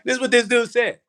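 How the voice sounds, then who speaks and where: An older man hosting a vlog, telling a story straight to his viewers in an animated, profane way. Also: a little high. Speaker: vlog host. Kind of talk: casual livestream storytelling.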